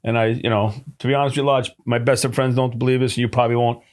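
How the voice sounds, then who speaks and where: A middle-aged deli owner from New Jersey, appearing as a guest, tells a story in a casual chat at a quick clip. He's an animated storyteller who acts out what others said and swears without a second thought, his voice at an ordinary pitch.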